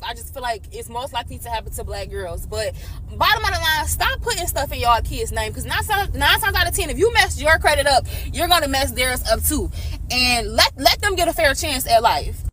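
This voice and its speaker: A woman's voice: high voice, low-quality recording. A woman in her late twenties venting to camera about something that frustrates her, swearing often and fighting back tears. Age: 20s. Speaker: vlogger.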